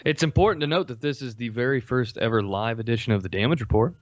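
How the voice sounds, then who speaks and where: A man's voice: mid-range voice, fast, no room sound, highs cut off. A young man co-hosting a live show, teasing his friend and cursing in a casual way. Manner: teasing, laughs often, profane. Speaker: podcast co-host. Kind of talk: casual chat.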